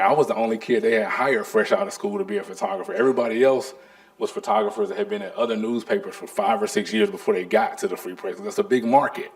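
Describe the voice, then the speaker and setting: Guy in his 40s telling stories at an artist talk, real gravelly, voice jumps all over. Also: medium pitch. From North Carolina. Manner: animated, acts out the people in his stories. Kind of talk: storytelling lecture.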